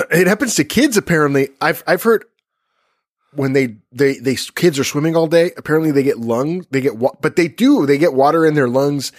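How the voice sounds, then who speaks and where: A man's voice: a little high, lively intonation, a little fast, dry recording. A man co-hosting a laid-back true-crime podcast, recorded dry with no room sound. He rambles and trips over his words, often correcting himself mid-sentence. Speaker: podcast co-host.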